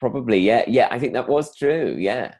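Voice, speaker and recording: A man's voice: mid-range voice, animated, moderate pace, a little mellow. A man, a comedian, chatting casually in a rambling way, full of fillers and restarts. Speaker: comedian guest. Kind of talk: casual conversation.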